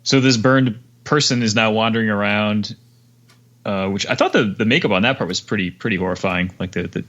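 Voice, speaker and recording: A man's voice: lowish voice, brisk, fairly bright tone, muffled recording. A man guesting on a podcast, chatting casually with wry, dry humor. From United States. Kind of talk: casual chat.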